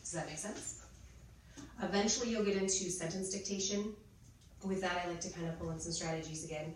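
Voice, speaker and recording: Chatty woman teacher explaining spelling drills, low voice, roomy echo. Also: steady tone. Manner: chatty, explains step by step, models drills slowly. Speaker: reading teacher and trainer. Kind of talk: teacher training workshop. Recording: echoey room, mic far off, noisy.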